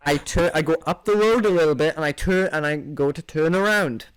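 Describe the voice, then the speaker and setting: A man's voice: fairly high pitch, brisk, clean tone, no echo. A young man on a podcast, telling an anecdote in casual chat, swearing often and restarting his sentences. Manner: swears a lot, animated anecdote with many restarts. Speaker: podcast co-host. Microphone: studio microphone.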